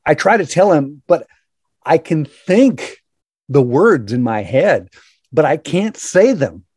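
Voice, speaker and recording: An older man from Minnesota telling a personal story aloud in the present tense, measured and dramatic, with long pauses. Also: on the high side, sing-song, darkish tone, husky, no room sound, clean studio sound. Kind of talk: personal story told to an audience.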